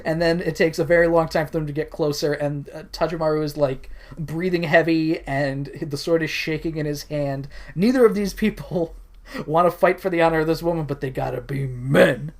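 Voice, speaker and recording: A man's voice: on the high side, steady tone, moderate pace. Young man chatting loosely on a podcast. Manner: recaps scenes loosely, acting out the characters' lines; lots of fillers, chuckles mid-sentence. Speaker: podcast co-host. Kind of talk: casual movie discussion.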